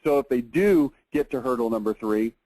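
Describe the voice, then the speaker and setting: A man giving a lively marketing seminar lecture, emphatic and animated, often checking in with "okay?". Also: medium pitch, normal speed, dry recording, poor audio.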